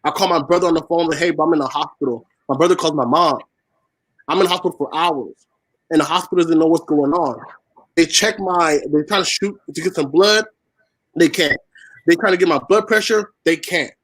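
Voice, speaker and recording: Guy with a kinda high voice telling his story on a talk show, earnest, repeats himself for emphasis. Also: brisk, a bit bright, low-quality recording. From born in Haiti, raised in Washington State. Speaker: guest, spoken word poet. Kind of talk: emotional personal storytelling.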